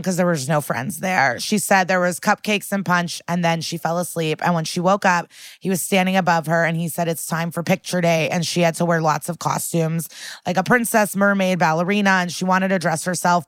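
A woman's voice: on the low side, a bit bright, no room sound, clean studio sound. A woman co-hosting a podcast, recapping a TV episode in casual chat, full of "like" and "um" and acting out quotes. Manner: chatty, lots of "like" and "um", acts out quotes. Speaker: podcast co-host.

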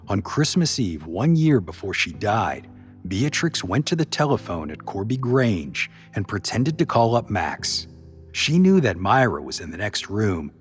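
Expressive male storyteller, lively pitch. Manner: expressive, measured. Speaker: podcast reader. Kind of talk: storytelling narration.

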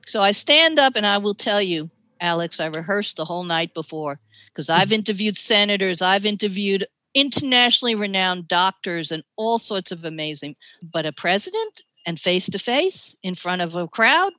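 Bright, chatty New York woman. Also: medium pitch, normal speed, no echo. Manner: animated storytelling, chatty, laughs often. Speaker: ghostwriter guest. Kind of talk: podcast interview.

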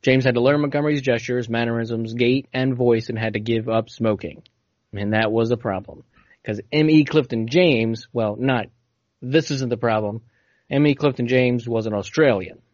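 A man's voice: mid-range voice, moderate pace, darkish tone, dry recording. A man hosting a casual podcast, telling a story and reading passages aloud, stumbling now and then over hard words. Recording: dull, dry lo-fi audio.

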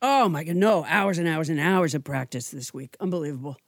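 A woman's voice: sits low, brisk, dry recording, clean studio sound. A woman hosting a comedy talk show, reciting word definitions in silly rhymes and riffing in playful banter. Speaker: comedy podcast host.

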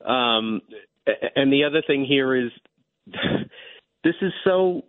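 A male legal commentator, a guest on a radio talk show, arguing in a measured way with frequent restarts over a phone line. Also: medium pitch, expressive, no room sound.

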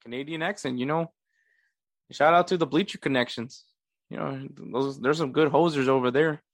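A man's voice: mid-range voice, moderate pace, no room sound, clean studio sound. A man hosting a casual sports podcast, laughing often and poking fun at himself. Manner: laughs often, self-mocking. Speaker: podcast host.

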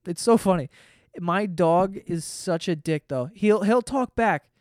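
Male podcast host, casual swearing storyteller, smooth and clean, dry close sound. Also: sits high, unhurried, darkish tone, dry recording. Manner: profane, rambling storyteller.

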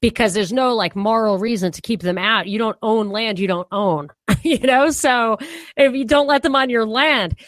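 Here a podcast co-host, a woman, wanders casually through political ideas with frequent restarts and easy laughter. She speaks at a moderate pace in a fairly high, fairly bright voice, with no echo.

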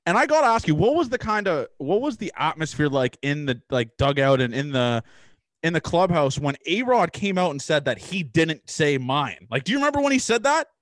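A man's voice: fairly high pitch, sing-song, fairly quick, no room sound. A man hosting a casual interview, asking eager questions with some swearing. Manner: eager, profane. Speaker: podcast host.

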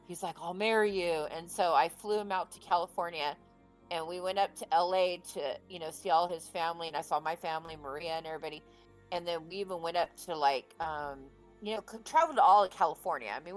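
A woman's voice: on the low side, low-quality recording. A woman in her late forties telling a personal story in a rambling, casual way, full of filler words. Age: 40s. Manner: rambling, full of "you know" and "like".

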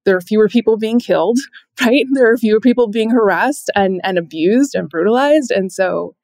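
A woman's voice: mid-range voice, moderate pace, a little mellow, no echo. A woman guesting on a podcast, talking earnestly in casual chat with lots of fillers.

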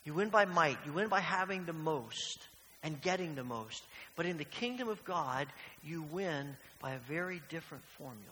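A man's voice: fairly high pitch, pushed and bright. A man preaching a sermon as pastor, earnest and questioning, often repeating phrases. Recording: long hall reverb, faint hiss.

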